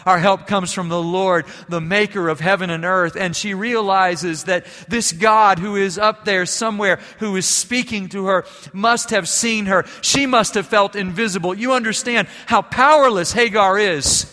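A man preaching a sermon, his voice bright and forceful with a slightly raised pitch. He shifts from hushed storytelling to emphatic declarations. The sound carries the long reverb of a large hall. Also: fairly even intonation, normal speed, few pauses. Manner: storytelling, varies between quiet and emphatic. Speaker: pastor.

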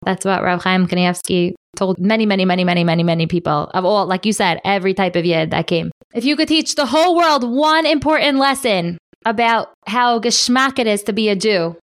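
A woman's voice: mid-range voice, fairly even intonation, fairly quick, few pauses. A young adult woman hosting a panel interview with children, enthusiastic and encouraging, often dropping Yiddish and Hebrew words.

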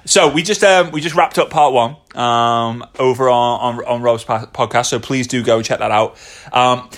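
A man's voice: mid-range voice, steady tone, moderate pace, fairly bright tone. Chatty man on a podcast. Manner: chatty, laughing, many fillers and restarts. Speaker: podcast co-host. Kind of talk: casual podcast chat. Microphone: phone held close.

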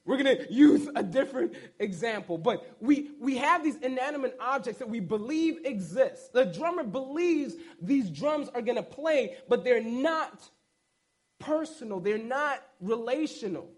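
A man preaching a casual, conversational sermon, retelling a story with animated delivery and joking asides. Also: very high-pitched, a little slow.

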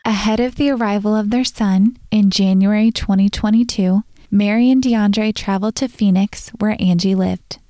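A woman reads a scripted voice-over at a mid pitch. Her tone is warm and mellow, and her delivery is even and measured. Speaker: narrator. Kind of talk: scripted narration.

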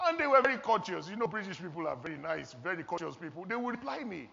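A man's voice: high voice, very animated, fast, creaky, few pauses, fairly bright tone, slightly rough. Man preaching in a reverberant hall. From Nigeria. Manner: earnest, storytelling, exhorting. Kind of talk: sermon. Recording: long hall reverb, dull lo-fi sound.

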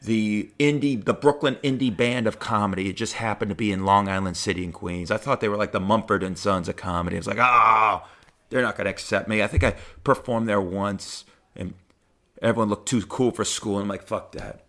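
Profane heartfelt middle-aged comedian. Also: male voice, fairly low pitch, fairly quick. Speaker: stand-up comedian, podcast host. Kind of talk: personal storytelling monologue.

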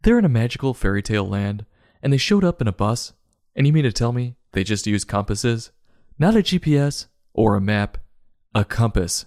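A man's voice: lowish voice, darkish tone, no echo, clean studio sound. Sarcastic man roasting a book. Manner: sarcastic and mocking. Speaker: book reviewer. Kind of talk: comedic book review.

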